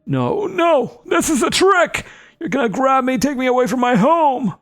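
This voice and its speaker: A man voicing a feral, paranoid old male goblin hermit in a shrill old-man voice. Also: big pitch swings, moderate pace, a bit bright, faint music behind, heavily acted. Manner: shrill, suspicious, squawking.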